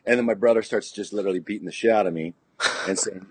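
A man's voice: on the low side, fast, a little mellow, husky, no room sound. A middle-aged man from California telling a story in casual podcast chat, rambling and profane, full of restarts and "you know". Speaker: podcast guest, punk musician.

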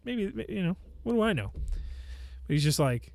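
A man in casual chat as a podcast co-host, relaxed and rambling, with dry jokes. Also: a little high, moderate pace, no echo.

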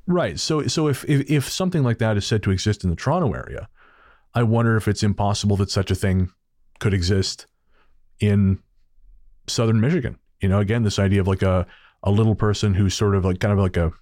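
Low-voiced joking man, dry sound. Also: fairly quick, a little mellow, no room sound. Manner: joking, wry, swears casually. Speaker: podcast co-host. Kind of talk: casual chat.

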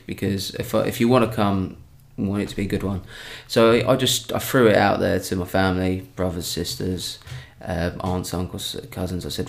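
A man's voice: low-pitched, steady tone, moderate pace, vocal fry, hardly any pauses. A young man, a stand-up comedian, chatting casually on a podcast and rambling through many restarts.

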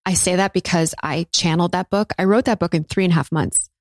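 A woman's voice: lowish voice, fairly even intonation, fast, no room sound. A woman in her thirties hosting a solo podcast, talking candidly about spiritual matters and swearing casually. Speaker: podcast host. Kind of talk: reflective solo podcast monologue.

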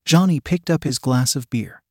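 Male story narrator, even matter-of-fact read, mid-pitched, dry close mic. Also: moderate pace, no echo.

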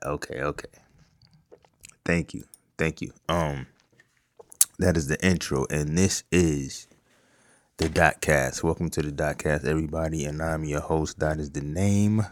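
A man's voice: rumbling low, unhurried. A man from Rochester, New York, hosting a casual podcast in a laid-back, loose way with fillers and asides. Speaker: podcast host and beat producer. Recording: loud beat music playing under the voice.

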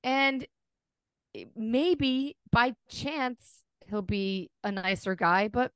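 A woman's voice: on the high side, extremely slow, clear, resonant tone, no echo. A woman co-hosting a podcast in casual chat, blunt and freely profane. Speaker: podcast co-host.

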